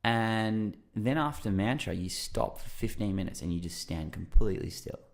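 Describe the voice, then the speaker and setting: A man with fairly low pitch and vocal fry speaks at normal speed. Guesting on a podcast, he rambles through casual stories with lots of fillers, vividly acting out his own reactions.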